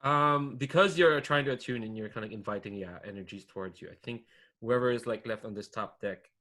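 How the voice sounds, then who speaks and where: A man's voice: mid-range voice, a little fast, bright, forceful tone. A man acting as game master of a tabletop game, thinking aloud casually with many fillers.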